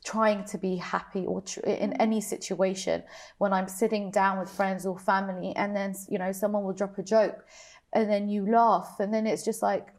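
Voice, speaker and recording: A young woman on a panel, sharing a personal story of grief in a halting, emotional way with many restarts. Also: medium pitch, little pitch movement, a little mellow. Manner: emotional, halting, repeats herself. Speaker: panel guest.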